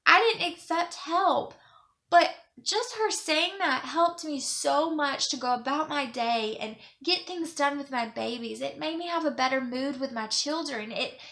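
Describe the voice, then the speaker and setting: A woman's voice: high-pitched, measured pace, fairly bright tone. A young woman vlogging in a casual, rambling way, earnest and close to tears as she talks about kindness. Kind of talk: casual monologue to camera.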